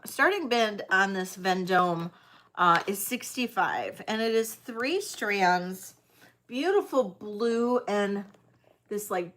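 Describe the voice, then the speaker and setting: A woman hosting a live online sale, chatting casually as she auctions vintage jewelry, with frequent ums and pauses. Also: medium pitch. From United States.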